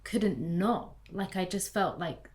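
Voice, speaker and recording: A woman's voice: fairly low pitch, takes it slowly, darkish tone. A woman from the UK in a casual, reflective conversation, talking chattily and saying "like" often. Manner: chatty, heavy use of "like". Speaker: guest.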